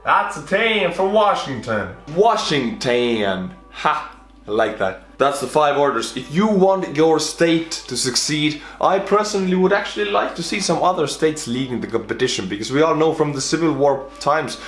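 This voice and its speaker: A man with an Estonian accent hosting a reaction video, talking bluntly and joking, with sudden excited shouts. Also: medium pitch, moderate pace, reverberant, soft background music. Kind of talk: casual reaction commentary.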